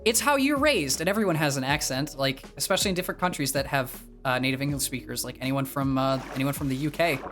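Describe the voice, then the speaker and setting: A man's voice: mid-range voice, quick pace, few pauses, a bit bright, soft background music. A young man from the northeastern US, chatting casually on his livestream and rambling, with many fillers and restarts. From northeastern US, near Boston. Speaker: streamer.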